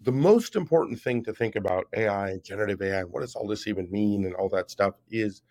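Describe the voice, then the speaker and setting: A man's voice: on the low side, a little mellow. A man in his fifties, a guest on an interview show, explaining at length in an emphatic way and often checking in with "right?". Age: 50s. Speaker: guest, app founder. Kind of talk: podcast interview.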